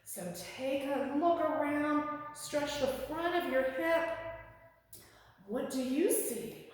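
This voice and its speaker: A woman's voice: high voice, slow. A woman leading a yoga class for children in her studio, playful and encouraging with a sing-song delivery. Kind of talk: guided yoga instruction for kids. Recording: echoey studio with long reverb.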